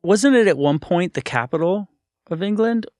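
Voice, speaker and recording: Curious male podcast host, smooth tone. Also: sits high, animated, moderate pace, darkish tone, dry recording, clean studio sound. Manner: curious, laughs easily. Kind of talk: casual interview chat.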